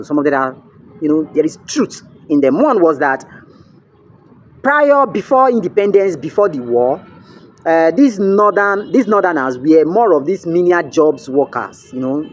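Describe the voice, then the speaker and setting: A man's voice: on the high side, a little hiss or hum. A young man with a Nigerian accent, telling a story to camera in a chatty way and often checking in with the viewer. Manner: chatty, asks the viewer "you get?", mixes in pidgin. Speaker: vlogger.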